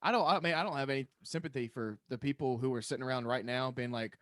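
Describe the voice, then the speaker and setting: A man's voice: mid-range voice, quick pace, few pauses, a bit bright, dry recording, clean studio sound. A man, hosting a podcast and ranting bluntly with lots of swearing. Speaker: podcast host. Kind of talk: casual podcast chat.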